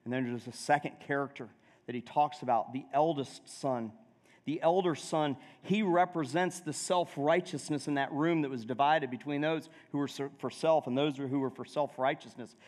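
Speaking at a normal speed in a fairly high voice, a male pastor delivers a conversational sermon and puts questions to the congregation. The recording has the long reverb of a church hall in the sanctuary.

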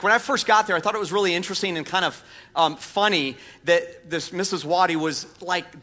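Bright-voiced pastor, casual and self-deprecating. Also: male voice, on the high side. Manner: casual storytelling, self-deprecating, frequent fillers. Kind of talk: sermon. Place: church auditorium.

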